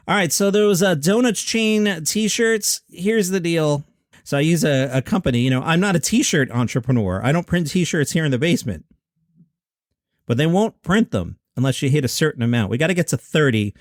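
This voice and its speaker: A man's voice: fairly high pitch, animated, moderate pace, no echo. A middle-aged man hosting a comedy news podcast from a home basement studio, reading headlines and riffing on them with wry asides and mock outrage. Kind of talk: solo comedy news commentary.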